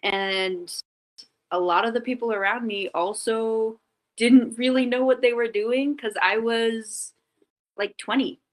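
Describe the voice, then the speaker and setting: A woman's voice: a little high, fairly even intonation, unhurried, rough recording. A woman guest telling a personal story in casual, candid talk, full of "like" fillers and restarts. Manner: candid and reflective. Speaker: podcast guest.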